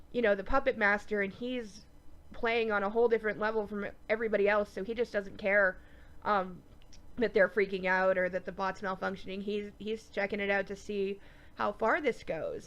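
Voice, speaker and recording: A woman with a stuffy nose giving a chatty, animated review of a TV episode, with lots of ums. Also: mid-range voice. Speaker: TV show reviewer. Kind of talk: casual episode review vlog.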